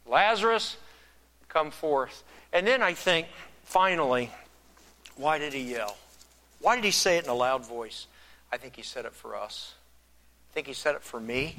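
A man preaching a sermon, moving from soft, reflective passages to loud, emphatic preaching. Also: medium pitch, expressive, normal speed, pauses often. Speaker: pastor.

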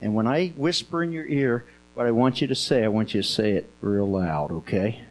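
A man telling a Bible story to children in a gentle manner, coaching them through acting it out. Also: medium pitch, normal speed, rough recording. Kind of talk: interactive story lesson.

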